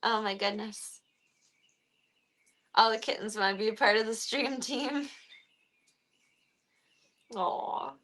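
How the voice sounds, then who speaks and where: A woman's voice: a little high, slow pace, pauses often, a bit bright. A woman live-streaming, talking casually to her viewers and cooing baby-talk at a foster cat. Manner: coos and baby-talks to the cat between chatty asides.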